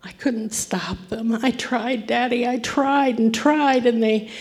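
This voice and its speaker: A woman's voice: fairly high pitch, steady tone, a little mellow, pitched above the performer's own voice. A woman doing a sobbing little boy. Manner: breathless, pleading, halting. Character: small boy goalie sobbing, heartbroken.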